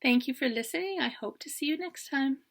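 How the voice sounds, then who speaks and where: A woman teacher reading a children's storybook aloud in an expressive way. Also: high voice, a little fast, a little hiss or hum.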